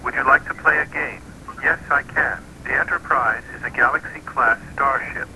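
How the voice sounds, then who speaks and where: A man's voice: medium pitch, moderate pace, pushed and bright, a little hiss or hum, poor audio. A man voicing a polite classroom computer system with stiff, robotic phrasing.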